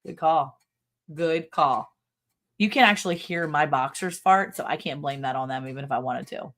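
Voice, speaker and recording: A woman's voice: deep voice, normal speed, a bit bright. A middle-aged woman co-hosting a casual livestream, giggling often and reading viewer comments aloud. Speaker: livestream co-host.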